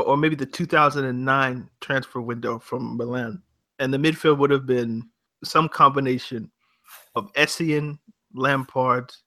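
Bright-voiced man teasing on a podcast. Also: medium pitch. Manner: teasing, rambling. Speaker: podcast co-host. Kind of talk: casual football podcast chat.

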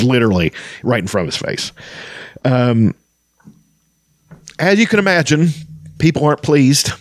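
A man's voice: on the low side, animated, no room sound, studio quality. A man reading passages of a fantasy novel aloud and chatting about them, with frequent ums and restarts. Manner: halting, many ums and restarts. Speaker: podcast host discussing a fantasy novel. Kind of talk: reading aloud and casual commentary.

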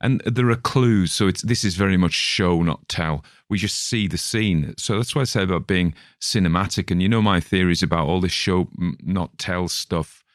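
A man with a low, deep voice talks casually as a podcast host, wandering off into asides before finding his way back to the point. The sound is dry and close, with no room around it. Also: moderate pace, few pauses, no room sound. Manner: rambling, chatty, digressive. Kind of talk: casual chat about a story.

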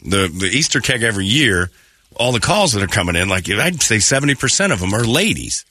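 A man's voice: fairly low pitch, big pitch swings, brisk, sharp tone, slightly rough, no echo. A man hosting a casual morning radio show, congested from allergies, loose and jokey in a studio.

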